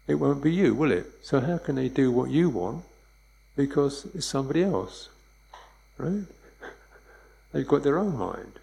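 A man giving a dharma talk as a meditation teacher, speaking in a relaxed, conversational way and chuckling often. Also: mid-range voice, unhurried, gravelly, long pauses, rough recording.

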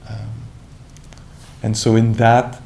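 A man giving a calm, reflective dharma talk as a meditation teacher, searching for words with many restarts and asides. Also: fairly low pitch, slow pace.

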